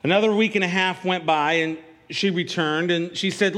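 A man's voice: sits high, steady tone, normal speed, a bit bright, big-room sound. A man preaching a sermon in a church, speaking conversationally and asking the congregation for an amen. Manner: conversational preaching with call-and-response asides. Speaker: pastor.

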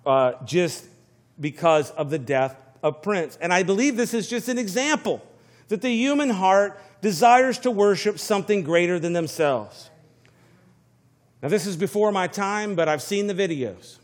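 A man's voice: high voice, expressive, moderate pace. A male pastor preaching a sermon, emphatic and repeating key phrases for weight.

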